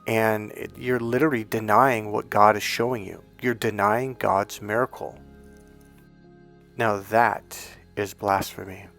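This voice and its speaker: A low-pitched man with a gravelly edge talks straight to camera, telling a personal story. He is earnest and rambling and keeps stopping to correct himself. Soft music plays faintly behind him. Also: steady tone, a little slow. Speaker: dating and healing coach.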